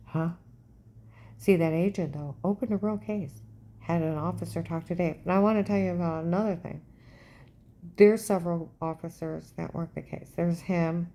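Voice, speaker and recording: A woman's voice: low voice, mellow. A middle-aged woman giving an intense, rambling personal monologue as a vlogger, often checking in with "okay?".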